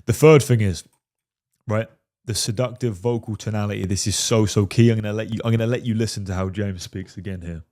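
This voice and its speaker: A man's voice: fairly low pitch, steady tone, a little fast, a little mellow. A man commenting on a film clip as a dating coach, emphatic and repeatedly checking in with "right?". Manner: emphatic, keeps asking "right?".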